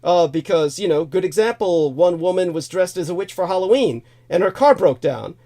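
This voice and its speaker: Rambling man telling a story, slightly high voice. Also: expressive, moderate pace, dark tone. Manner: digressive, repeats himself, chuckles as he tells it. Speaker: host.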